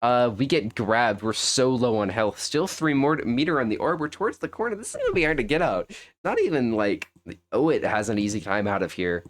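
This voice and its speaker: A man's voice: medium pitch, sing-song, fairly quick. A young man commentating a fighting game on a live stream, thinking aloud in a rambling, self-correcting way.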